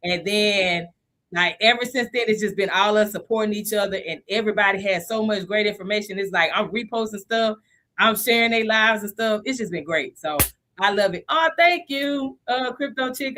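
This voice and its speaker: A woman in her thirties hosts a casual live stream about investing, chatty and animated and laughing often. Her voice is mid-range and her pace moderate.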